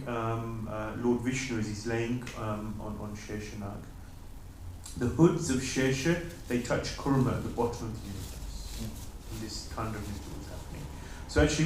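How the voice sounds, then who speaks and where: A man's voice: mid-range voice, slight background noise. A man giving a morning lecture in a temple, telling a story animatedly and putting on the characters' voices. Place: temple hall. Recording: very echoey hall, mic at a distance.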